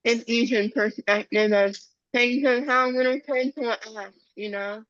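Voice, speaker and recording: A young woman, a patient guest, chatting earnestly and warmly about her family. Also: fairly high pitch, fairly even intonation, unhurried, no room sound, lo-fi sound. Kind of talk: casual chat on a video call.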